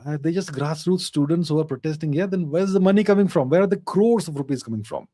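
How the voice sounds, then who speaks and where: A man's voice: a little high, fast, warm tone, dry recording, clean studio sound. A middle-aged man hosting a casual live Q&A, answering viewer questions in an emphatic, lecturing way and repeating phrases for stress.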